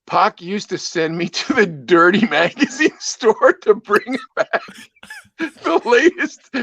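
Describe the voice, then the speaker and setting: A man co-hosting a podcast who tells animated stories and laughs through them. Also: high-pitched, slow, creaky, no room sound. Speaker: podcast co-host, former radio DJ. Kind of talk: casual chat, storytelling.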